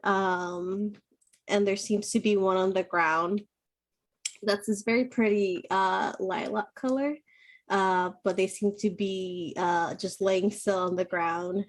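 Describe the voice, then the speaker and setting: A woman narrating as dungeon master of a tabletop game in an unhurried way with many fillers. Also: mid-range voice, steady tone.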